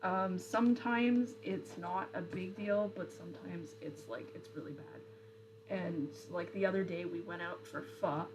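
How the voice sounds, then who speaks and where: A young woman streamer chats casually in a fairly low voice, a little slowly, with background noise behind her. She rambles, answers viewer comments, and is full of fillers and self-corrections.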